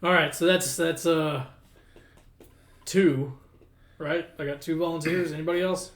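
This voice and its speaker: Man, game master, easygoing, slightly high voice, echoey room. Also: fairly even intonation, measured pace. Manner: easygoing, laughs often, fillers. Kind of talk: running a tabletop game.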